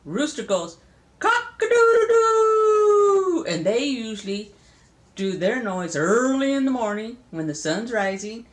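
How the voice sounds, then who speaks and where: Playful grandmother with a lively voice. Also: medium pitch, moderate pace. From Southern California. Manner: playful, chatty, laughs often, imitates animal sounds. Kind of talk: casual spoken lesson to a child.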